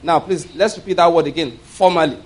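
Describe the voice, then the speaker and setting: A male pastor preaching, reading scripture slowly with emphasis and having the congregation repeat key words. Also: a little high. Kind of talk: sermon. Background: congregation responding.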